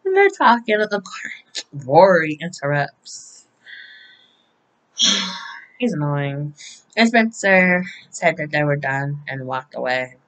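A woman with a low voice chats through a soap opera recap in a relaxed, casual way. Her intonation swings widely as she acts out characters' reactions. She laughs often and swears now and then. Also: slow pace, long pauses, poor audio.

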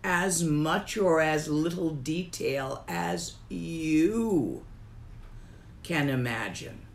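Woman as Buddhist teacher: unhurried, gravelly, calm emphatic repetition. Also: low-pitched, slight background noise. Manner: calm, emphatic, repeats key phrases. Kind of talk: slow, deliberate dharma teaching.

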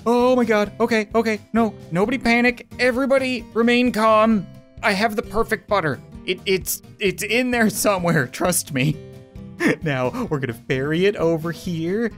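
A woman giving comedic let's-play commentary, swinging between panicked squeals and dry sarcastic calm. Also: medium pitch, normal speed, soft background music. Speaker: gaming video host.

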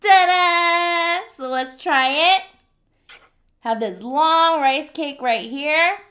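A woman's voice: high-pitched, slow pace, sharp tone, a little hiss or hum. A woman hosting a casual eating vlog, chatty and playful, with eating sounds close on the mic. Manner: chatty, playful, cutesy meowing. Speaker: mukbang host. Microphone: close mic picking up eating sounds.

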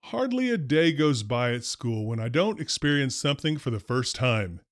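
A man, a former school principal, tells stories from his career in a wry, deadpan first-person narration. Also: mid-range voice, moderate pace, dry recording. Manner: dry, wry humor, deadpan delivery.

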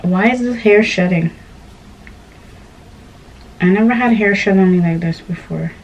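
A woman's voice: mid-range voice, a little slow, lo-fi sound. Young woman vlogger from Ghana, rambly chatty storyteller, slightly distant mic. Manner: chatty, rambling storytelling with animated quoted voices. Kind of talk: casual chat to camera.

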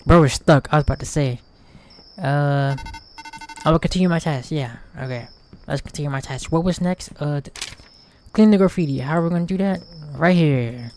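A man's voice: fairly high pitch, normal speed, darkish tone, a little hiss or hum. A man hosting a gaming channel, giving casual, slangy let's play commentary.

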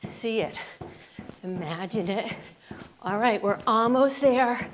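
Bouncing along with her class, an upbeat female fitness instructor coaches a rebounding workout in a slightly high voice. She calls out cues and counts down reps at an unhurried, drawn-out pace, over a noisy background.

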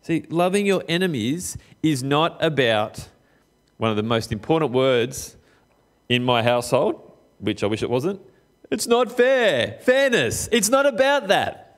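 A middle-aged man preaching a sermon in a conversational way, putting questions straight to his listeners and sometimes slowing down for emphasis. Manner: lively swings of pitch, sometimes slow and emphatic. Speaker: pastor.

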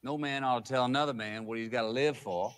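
An actor with a Southern US accent playing a defiant rebel leader, proclaiming in a slow, solemn drawl. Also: male voice, mid-range voice, fairly bright tone, natural voice.

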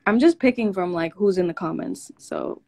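A young woman hosting a casual livestream, soft-spoken and laid-back, giggling now and then as she chats into her phone. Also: lowish voice, big pitch swings, normal speed, creaky, dry recording. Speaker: livestream host. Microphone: phone held close.

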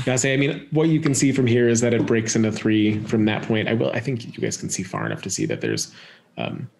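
A man running a tabletop game as game master, relaxed and chatty as he describes the scene. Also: on the low side, brisk, gravelly, a little hiss or hum.

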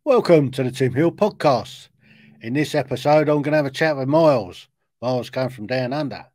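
A man's voice: medium pitch, animated, normal speed, darkish tone. A man hosting a podcast, asking his guest long open questions in a conversational way. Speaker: podcast host. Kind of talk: podcast interview.

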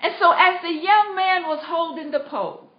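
A woman's voice: very high-pitched, normal speed. A woman giving an inspirational talk, repeating her exhortations emphatically and telling stories. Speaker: inspirational speaker. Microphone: tablet. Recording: roomy, dull lo-fi livestream.

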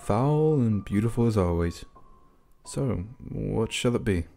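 Woman narrator voicing a tall, sinister male shopkeeper for a horror audio story: low, mellow, smugly polite. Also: animated, unhurried, creaky, soft background music, exaggerated voice. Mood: silky mocking. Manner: silky, mocking, mock-deferential.

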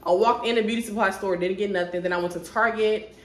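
A woman's voice: mid-range voice, fairly even intonation, fast. A young woman, chatting casually to viewers about her shopping haul at home. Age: 20s. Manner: chatty, talks straight to viewers, sidetracked. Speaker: vlogger. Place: at home, indoors. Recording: echoey room with faint noise.

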